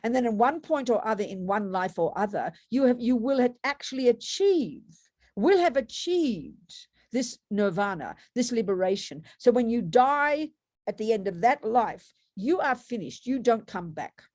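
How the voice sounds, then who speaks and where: A woman's voice: a little high, animated, normal speed, a little mellow, dry recording, clean studio sound. A woman giving a Buddhist dharma talk to students, conversational, with rhetorical tag questions and frequent restarts. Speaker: Buddhist meditation teacher.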